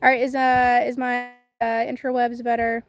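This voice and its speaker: A woman's voice: on the high side, monotone, moderate pace, no room sound, soft background music. A woman hosting a casual livestream from home, chatting and rambling with viewers and reading their comments. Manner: chatty and rambling, with many fillers and self-restarts. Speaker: channel host; mother of twins. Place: at home with chickens nearby.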